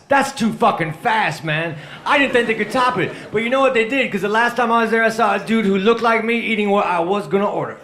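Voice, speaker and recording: Deadpan stand-up man, high voice. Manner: deadpan one-liners, slow drawling delivery. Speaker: stand-up comedian. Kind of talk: stand-up comedy set. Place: comedy club stage before a live audience. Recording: roomy live club recording, crowd noise.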